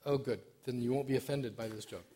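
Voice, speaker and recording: A man's voice: mid-range voice, fast, mellow. Self-deprecating middle-aged male lay preacher. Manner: self-deprecating, hesitant with many fillers. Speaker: church stewardship director preaching. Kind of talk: informal sermon.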